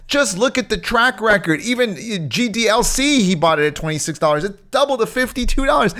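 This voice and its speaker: A man's voice: high voice, lively intonation, brisk, hardly any pauses, pushed and bright. A man giving casual crypto stock commentary, brash and emphatic, often repeating phrases for emphasis. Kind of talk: casual market commentary video.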